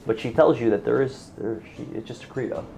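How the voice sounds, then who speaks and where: A man's voice: medium pitch, brisk, creaky, noisy background. A man narrating as game master of a tabletop role-play game, describing scenes in a rambling, descriptive way.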